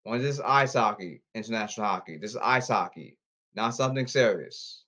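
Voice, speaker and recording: A man podcasting alone in a repetitive, halting, pleading monologue. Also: fairly low pitch, bright, forceful tone. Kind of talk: rambling solo monologue. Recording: slightly dull lo-fi audio.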